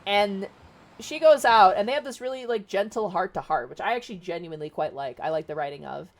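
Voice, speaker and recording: A woman's voice: medium pitch, brisk. A woman streamer casually retelling a book, chatty and rambling, with plenty of swearing. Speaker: VTuber streamer.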